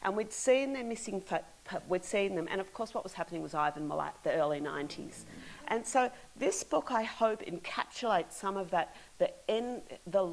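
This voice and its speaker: A middle-aged Australian woman tells a story about her youth with lively energy. She speaks at an average pitch and breaks into laughter now and then. Her talk is loose and full of restarts. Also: moderate pace, vocal fry, poor audio. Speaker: author. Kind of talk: animated storytelling.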